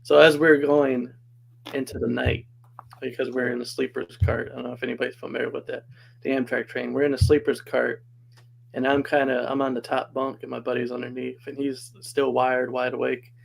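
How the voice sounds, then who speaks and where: A man's voice: medium pitch, little pitch movement, a little fast, vocal fry, a little hiss or hum, low-quality recording. A man casually telling a personal story as a podcast guest, chatty and laughing often.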